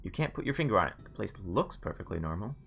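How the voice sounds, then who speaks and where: A man with a low voice streams a video game, reading its narration aloud and commenting playfully. His pitch rises and falls a lot as he reads with relish. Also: sing-song, quick pace, creaky, a bit bright, a little hiss or hum. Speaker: let's play streamer.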